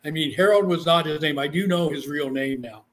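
A middle-aged man tells his stories with animation, his voice sitting a little above the usual male pitch. He is a guest being interviewed about his book, and he slips into the voices of the people he describes. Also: fairly quick, a bit bright. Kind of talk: storytelling in an interview.

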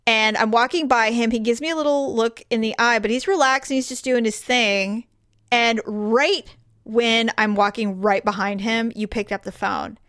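A middle-aged woman co-hosting a podcast, telling funny stories with lots of laughter and squeaky acted-out quotes. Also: normal speed, a bit bright, no room sound, studio quality. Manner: laughs often, acts out quotes in high chirpy voices. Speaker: podcast co-host. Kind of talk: casual chat.

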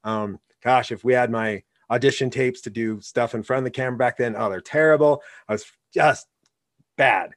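A man's voice: mid-range voice, brisk, hardly any pauses, dry recording. A man hosting a podcast, talking in a casual, reflective way. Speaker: podcast host. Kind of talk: casual interview talk.

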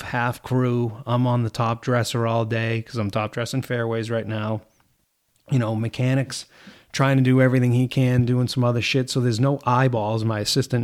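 A man who runs a golf course crew, talking bluntly in casual chat, swearing freely and acting out what he says to his workers. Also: mid-range voice.

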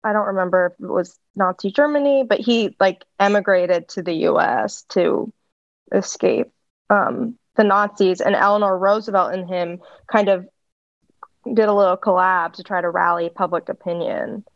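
A woman co-hosts a casual podcast with a deadpan, wry manner and dark jokes. Her voice sits at a middle pitch. It comes through a slightly dull, lo-fi mic with no room sound. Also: normal speed, no echo. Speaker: podcast co-host. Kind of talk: casual chat.

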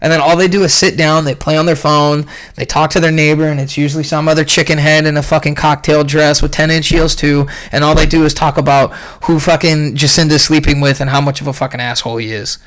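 A young man ranting casually about a fight event, profane and rambling, clearly irritated. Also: a little high, little pitch movement, fast, few pauses, fairly bright tone. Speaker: podcast host recapping a fight event.

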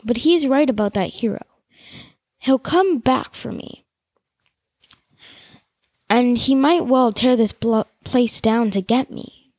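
A woman voicing a gentle male illager, quiet and resolute. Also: on the high side, slow pace, long pauses, no echo, clean studio sound.

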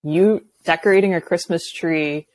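A young woman with a notably low-pitched voice chats casually as a podcast guest. She laughs often and fills her sentences with loose fillers. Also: fairly even intonation, normal speed. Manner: chatty, laughs often, many filler likes. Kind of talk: casual chat.

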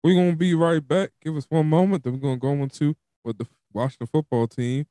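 A man hosts a casual sports podcast, speaking fairly quickly in a steady, dark-toned voice on a dry recording. He's chatty and loose, laughing and filling gaps with "um" and "like," while a dog squeaks a toy in the background.

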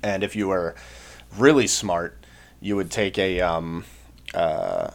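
A young man telling a long story in casual chat, rambling with many fillers and acting out shouted lines. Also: deep voice, very animated, slow pace, gravelly. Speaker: podcast co-host, Marine veteran.

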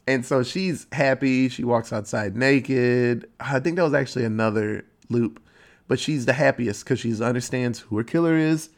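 A man chatting casually as he recaps a story, loose and rambling. He strings thoughts together with "like" and drops in casual swearing. His tone is relaxed and conversational. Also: mid-range voice, normal speed. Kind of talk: casual chat retelling a movie plot.

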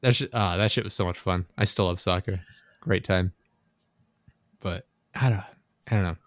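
Young man, casual podcast chat, relaxed and profane, dry close mic. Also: sits low, moderate pace, dry recording. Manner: laid-back, swears freely, acts out quotes.

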